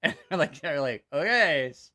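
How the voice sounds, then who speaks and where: Host, male, slightly high and bright voice, animated, swears a lot and cracks himself up. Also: a little slow. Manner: laughs at his own jokes, swears freely; animated joke telling. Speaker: channel host. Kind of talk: casual livestream storytelling.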